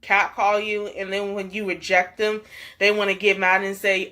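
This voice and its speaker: A woman's voice: mid-range voice, flat delivery, moderate pace, sharp tone. A young woman vlogger telling a story in a chatty way, full of "like" and laughs. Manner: chatty, many fillers and laughs. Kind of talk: storytime vlog chat.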